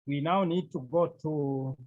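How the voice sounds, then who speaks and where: A man teaching a Greek grammar class, talking slowly and repeating key points with many pauses. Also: on the high side, darkish tone. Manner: slow, repetitive, with many pauses. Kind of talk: online language lesson. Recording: tinny phone-like line.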